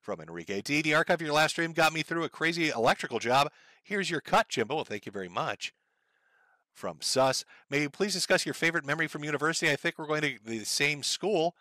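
A man's voice: fairly high pitch, animated, brisk, sharp tone, no echo. Profane ranting man live-streaming. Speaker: streamer reading viewer donations. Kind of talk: casual live-stream commentary.

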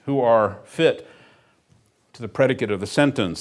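A man's voice: mid-range voice, moderate pace. A middle-aged man preaching a sermon as pastor, emphatic and earnest, with dry humorous asides.

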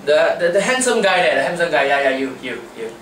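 A male teacher with heavy Singlish drones through an explanation, stretching his words out, as a young man puts him on. The voice is a touch high and sits back from the mic in an echoing room. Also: very animated, fairly bright tone, slight background noise. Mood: lecturing. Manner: drawn-out, mispronounces terms, lecturing. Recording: echoey room, mic at a distance.

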